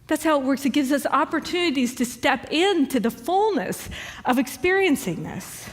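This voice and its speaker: Woman minister, animated storyteller, high voice, long hall reverb. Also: moderate pace. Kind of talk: sermon. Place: church hall.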